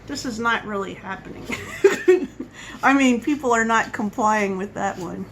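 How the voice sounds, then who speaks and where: A woman's voice: mid-range voice, moderate pace, a bit bright, a little hiss or hum, low-quality recording. A woman vlogger talking at home in a casual coffee-chat monologue, rambling and wandering off on tangents. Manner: rambling, chatty, goes off on tangents.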